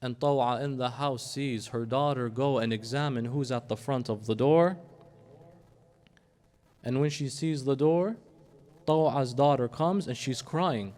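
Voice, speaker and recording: A man preaching a sermon, telling a story and acting out the voices of its figures, and slowing into a hushed, drawn-out recitation at the emotional peak. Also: medium pitch.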